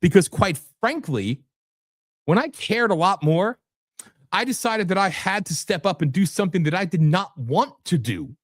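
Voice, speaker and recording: A man hosting his own political livestream, combative and sarcastic, swinging between loud jabs and muttered asides. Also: high-pitched, lively intonation, normal speed, no room sound, studio quality. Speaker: host and political candidate. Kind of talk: ranting livestream talk. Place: home setup with virtual background.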